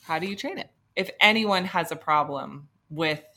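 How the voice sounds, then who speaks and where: A woman's voice: deep voice, moderate pace, sharp tone. A woman interviewer in casual conversation, keeping her replies short and attentive.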